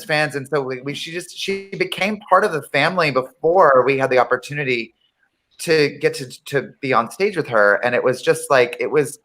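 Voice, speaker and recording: A man, a cast member, chatting casually and rambling through his memories with halting restarts. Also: mid-range voice, sharp tone, low-quality recording. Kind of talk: casual chat.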